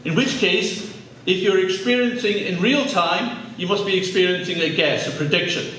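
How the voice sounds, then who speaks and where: A man's voice: sits high, normal speed, sharp tone, slight background noise. A man with an Irish accent giving a public talk to a live audience, conversational with jokey asides. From Ireland. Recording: echoey hall, mic at a distance.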